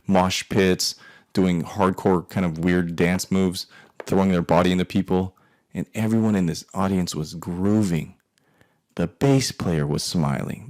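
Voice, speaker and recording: A man's voice: sits low, darkish tone. A man in his forties telling a profane personal story in a rambling monologue, with muttered asides. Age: 40s. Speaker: artist telling a life story.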